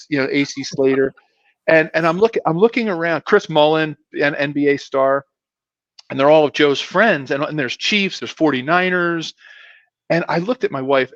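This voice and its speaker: Here a former pro football player from South Philadelphia spins stories as an interview guest, rambling with plenty of fillers, false starts and self-deprecation. He speaks at medium pitch with a fairly bright tone. It's a dry recording that sounds dull and muffled.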